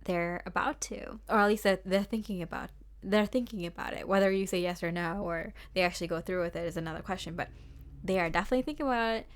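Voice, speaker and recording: A young woman talks through a tarot card reading in a loose, casual way, full of fillers and small laughs. Her voice sits slightly lower than most women's. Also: fast, hardly any pauses. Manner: chatty and rambling, full of fillers and little laughs.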